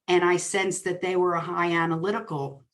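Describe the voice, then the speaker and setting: Woman coaching, somewhat low voice. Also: moderate pace. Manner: lively storyteller who acts out quoted dialogue. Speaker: real estate coach and speaker. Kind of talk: coaching talk with personal stories. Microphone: webinar recording.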